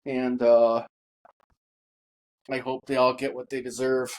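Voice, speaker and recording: A man telling his own story in a halting monologue, full of pauses and fillers, grieving and bitter. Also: medium pitch, completely flat delivery, poor audio. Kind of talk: personal testimony monologue.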